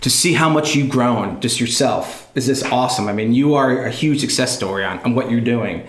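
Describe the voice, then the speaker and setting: A man tells stories in a relaxed podcast chat. He jumps into quoted voices as he goes, and his voice sits at an ordinary pitch. The room echoes noticeably around him. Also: brisk, a little hiss or hum. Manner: acts out quoted voices while telling stories. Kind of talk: casual chat, animated storytelling.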